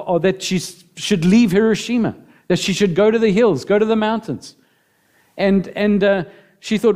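High-voiced emotional male preacher. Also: darkish tone. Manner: emotional, building to impassioned appeals. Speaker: pastor. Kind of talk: sermon.

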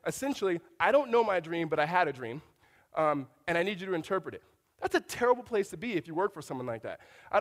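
Pastor, male, higher register, relaxed conversational preaching with jokes; reverberant hall. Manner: conversational preaching with humorous asides. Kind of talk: sermon.

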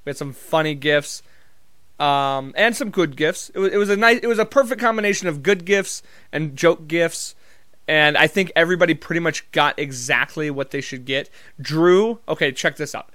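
A man's voice: fairly high pitch, normal speed, fairly bright tone, no room sound, studio quality. A man vlogging in a casual comedic monologue, telling rambling, profane, jokey stories.

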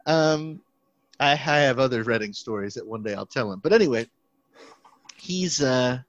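Young male theology student, casual rambling chat, medium pitch, dry slightly muffled recording. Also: normal speed, no room sound. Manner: rambling, lots of restarts and fillers, animated when quoting people.

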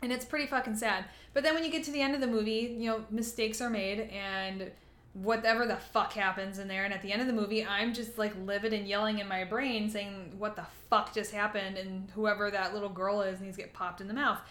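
A woman's voice: mid-range voice, a little fast, roomy sound. A woman co-hosting a podcast in casual chat, swearing freely and acting out scenes with sound effects. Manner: profane, animated storyteller who mimics sounds. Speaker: podcast co-host.

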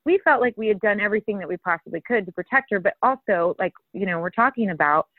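A woman's voice: mid-range voice, animated, fast talker, dry recording. A woman recounts a story in loose, filler-heavy casual chat. Her voice arrives thin and tinny, as if over a phone line, with no room sound at all. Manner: rambling storyteller, many fillers.

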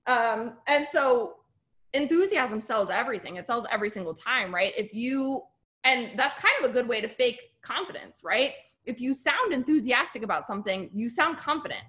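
A woman's voice: on the high side, animated, moderate pace, fairly bright tone. A woman coaching her team on a video call, bubbly and chatty, full of "like" and "right?". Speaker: business coach.

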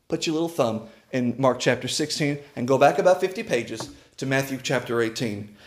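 A man with a fairly high voice delivers a sermon. He tells his stories dramatically, sinking to hushed, low lines and then climbing to loud, urgent peaks. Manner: storytelling. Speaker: preacher.

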